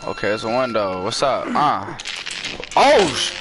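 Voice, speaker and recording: A young man giving profane, excitable horror gameplay commentary, jumping into screams and then downplaying it. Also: mid-range voice, unhurried, over music. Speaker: gaming streamer.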